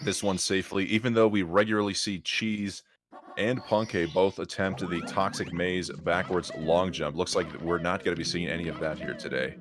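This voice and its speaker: A man giving energetic, joking live play-by-play commentary on a speedrun race. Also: low voice, moderate pace. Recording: music playing behind.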